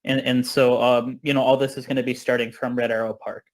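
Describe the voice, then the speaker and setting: A man of middle pitch, briefing protesters on a video call from his home on a busy street. He talks casually, full of "um" and "like", and keeps things loose. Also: flat delivery, a little fast. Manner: casual, many fillers. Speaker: protest organizer.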